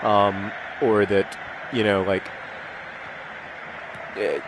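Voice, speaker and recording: A man's voice: on the low side, flat delivery, very slow, noisy background. A man hosting a gaming video, talking casually and rambling, with lots of fillers and restarts while he plays. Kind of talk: casual commentary while playing a video game.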